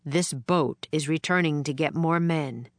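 A woman's voice: low voice, measured pace, dry recording. A woman voicing a stern, grave male general in a storybook reading. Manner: stern, commanding.

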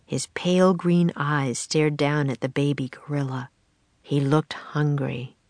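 A woman narrating a children's storybook aloud in a steady, expressive way. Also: low-pitched, unhurried, dry recording.

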